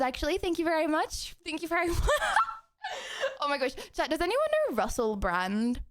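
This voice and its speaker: High-voiced, giggly English woman. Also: fairly quick. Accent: southern English. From England. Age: young adult. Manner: animated, giggly, rambling with many fillers. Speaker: streamer. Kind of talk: casual live-stream chat.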